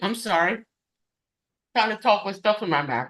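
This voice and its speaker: A woman guest casually demonstrating a recipe and telling her story, halting and correcting herself often. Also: mid-range voice, animated, fairly bright tone. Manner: halting, self-correcting, many fillers.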